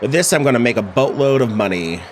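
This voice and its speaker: Casting: boastful, greedy little inventor, played by a man, pompous and self-important, mid-pitched. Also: expressive, fast talker, slight background noise, lightly acted.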